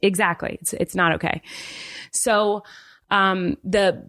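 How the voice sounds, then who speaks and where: A woman co-hosting a casual podcast, telling a story in an animated, self-deprecating way. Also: mid-range voice, takes it slowly, no room sound, studio quality. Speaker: podcast co-host.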